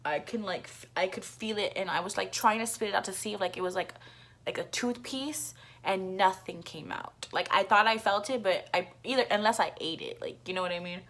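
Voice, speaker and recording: A woman's voice: mid-range voice, brisk, fairly bright tone. A woman vlogger telling a casual storytime, rambling and profane, with constant filler words and an occasional cough. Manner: coughs now and then.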